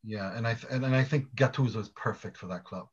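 A man's voice: lowish voice, quick pace, lo-fi sound. A man, a football journalist guest, talking casually with lots of stammering restarts. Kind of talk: casual chat.

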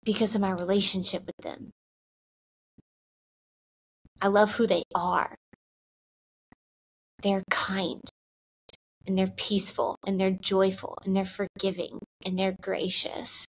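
A woman's voice: medium pitch, little pitch movement, measured pace, husky. Earnest young woman sharing her faith. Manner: earnest, candid, filler-heavy with frequent "like". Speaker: Christian vlogger. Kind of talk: heartfelt faith talk to camera.

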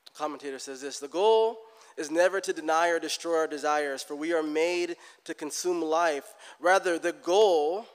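A middle-aged man delivers a sermon in a church. His voice is smooth and resonant, a little higher than most men's, and it climbs and grows loud as he plays out what people pray. A long reverb from the hall trails every phrase. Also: moderate pace. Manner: animated, rises loud for emphasis, acts out prayers. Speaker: pastor.

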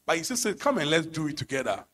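A man's voice: fairly high pitch, very animated, quick pace. A man preaching a sermon, pressing his points with emphatic, sung-out phrases. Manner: emphatic, rising to sung shouts on key phrases.

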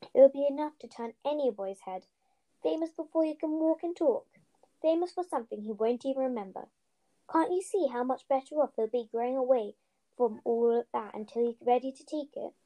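A woman reading a storybook aloud, voicing a wise, calm elderly male wizard headmaster in a firm, measured way. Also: high-pitched, close to an everyday voice. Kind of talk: storybook reading with character voices.

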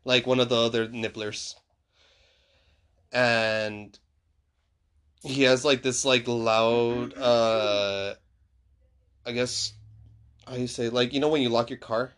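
A man's voice: medium pitch, fairly even intonation, slow pace, long pauses, a bit bright, clean tone. A man chatting casually, retelling a story with lots of fillers and restarts. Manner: rambling, filler-heavy storytelling. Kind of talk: casual chat.

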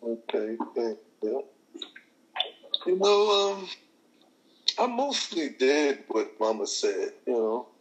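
A man in casual chat, relaxed and slangy, saying "you know" a lot. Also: mid-range voice, slow, pauses often.

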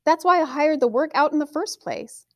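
Female narrator voicing a panicky bow-legged farmer, high and loud, storybook style. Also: normal speed, natural voice. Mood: protesting. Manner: anxious, pleading shouts. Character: frightened, flustered bow-legged old male farmer.

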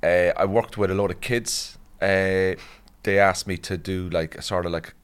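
A man with an Irish accent, a comedian in casual chat, telling stories in an animated way and acting out what people said. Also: deep voice, moderate pace, clean tone. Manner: animated storyteller, acts out voices.

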